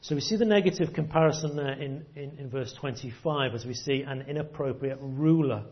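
A man's voice: medium pitch, a little fast, highs cut off. A man preaching a sermon, earnest, often repeating words as he stresses a point.

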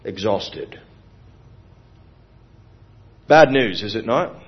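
A man preaching a sermon in an earnest, expressive way, moving from emphatic to hushed. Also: lowish voice, extremely slow, husky, highs cut off.

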